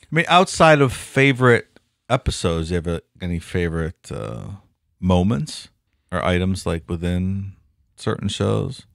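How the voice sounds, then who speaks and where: Jokey, low-voiced male podcast co-host. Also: sing-song, a little slow, vocal fry, a bit bright, no echo, clean studio sound. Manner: jokey, laughs at his own stories, profane. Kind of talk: casual podcast chat.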